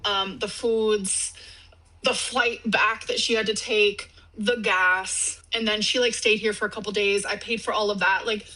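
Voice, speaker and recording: A woman's voice: mid-range voice, little pitch movement, unhurried, sharp tone, poor audio. A woman in a vlog clip, ranting defensively with a sarcastic edge. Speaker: vlogger in a clip being reacted to. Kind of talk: casual vlog rant.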